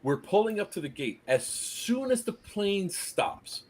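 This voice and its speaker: A man's voice: high-pitched, big pitch swings, a little slow. A man telling a story in casual chat, acting out the quotes and laughing often. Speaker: podcast host telling a story.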